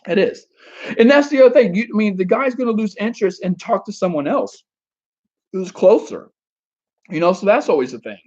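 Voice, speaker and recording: A man's voice: high voice, expressive, brisk, a little mellow, muffled recording. A man giving dating advice on a casual live stream, answering chat with rambling, crude jokes and frequent restarts.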